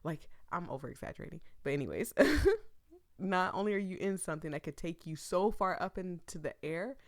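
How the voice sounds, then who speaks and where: A woman's voice: lowish voice, fairly quick, no room sound, clean studio sound. A woman gaming YouTuber giving casual let's-play commentary, playful and rambling, often breaking into laughter.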